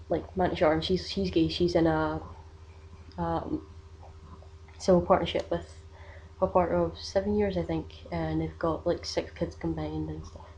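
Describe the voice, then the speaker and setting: A woman's voice: on the low side, darkish tone, slight background noise. A young woman, telling a personal story in a casual vlog, rambling with many fillers. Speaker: vlogger.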